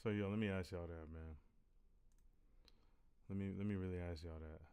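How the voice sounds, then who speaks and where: A man talks to his viewers in a low, easygoing voice. He rambles and repeats himself as he gives frank, profane encouragement, like a casual reaction-video host. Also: fairly even intonation, moderate pace, warm tone, clear, resonant tone. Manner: rambling, repeats "you know what I'm saying"; candid and profane. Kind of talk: casual motivational talk.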